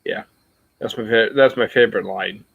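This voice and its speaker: A man's voice: lowish voice, moderate pace, vocal fry, fairly bright tone, slightly rough, no echo, dull audio. Rambling man chatting to his viewers. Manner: rambling, self-reflective, many fillers and restarts. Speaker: YouTuber talking to his viewers. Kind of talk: casual livestream chat.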